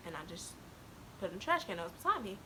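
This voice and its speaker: Bright-voiced teen girl telling a story. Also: mid-range voice, sing-song, very fast, slight background noise. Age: teens. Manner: candid, laughs to cope, quotes others, African American slang. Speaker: vlogger. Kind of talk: casual storytelling to camera.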